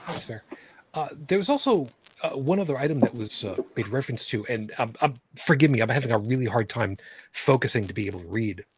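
A man hosting a live-streamed space discussion show, rambling and halting with many fillers and restarts. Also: mid-range voice, expressive, slight background noise. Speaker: podcast host.

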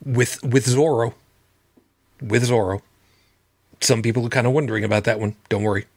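Husky, blunt podcast host man. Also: medium pitch, fairly even intonation, moderate pace, dry recording. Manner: blunt, profane, emphatic. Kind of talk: casual livestream talk.

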